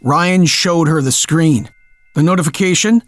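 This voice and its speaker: A man narrating a scripted horror story in a measured, darkly dramatic way. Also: on the high side, no room sound, studio quality.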